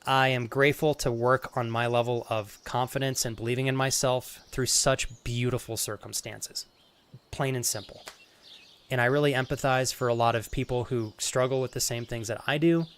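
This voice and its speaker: Guy streamer holding back tears, halting, earnest, swears a lot, normal pitch. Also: steady tone, fairly bright tone, a little hiss or hum. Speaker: live streamer. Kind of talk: emotional talk to stream chat.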